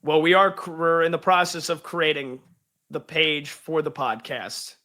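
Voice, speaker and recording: A man's voice: fairly high pitch, steady tone, a little slow, sharp tone. A male radio host reading a pun-filled sports recap and then chatting casually as a guest. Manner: punchy, pun-laden delivery.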